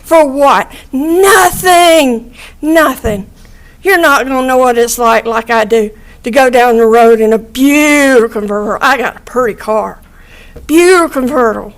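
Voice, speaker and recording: A woman's voice: fairly high pitch, moderate pace. A middle-aged woman giving a raw, angry victim impact statement in a courtroom, blunt and swearing, repeating herself and at times near tears.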